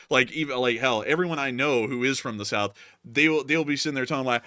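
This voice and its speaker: A man's voice: medium pitch, quick pace, few pauses, bright, forceful tone, dry recording, clean studio sound. A young man from the American South with a light, mostly neutral accent, hosting a live stream in chatty, rambling talk full of fillers. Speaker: host.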